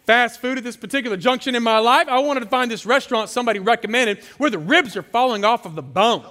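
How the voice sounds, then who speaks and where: A man's voice: extremely high pitch, fast, bright, forceful tone. A man preaching a sermon, telling playful stories and leading the congregation in call-and-response. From San Francisco area. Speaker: guest pastor.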